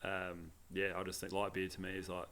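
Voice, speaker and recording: A man's voice: sits low, completely flat delivery, brisk, vocal fry, fairly bright tone. A man in a casual podcast chat, speaking in long run-on thoughts and breaking into laughter. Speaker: podcast co-host.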